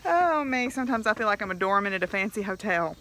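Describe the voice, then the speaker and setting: A woman, talking in a rambling, candid diary vlog with soft laughs and fillers. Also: medium pitch, animated, quick pace. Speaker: vlogger.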